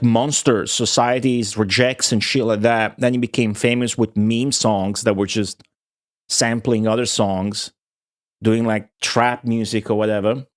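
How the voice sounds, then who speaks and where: A young man with a voice of ordinary middle pitch talks casually to his stream viewers. He rambles, swears freely and laughs his way through a long story.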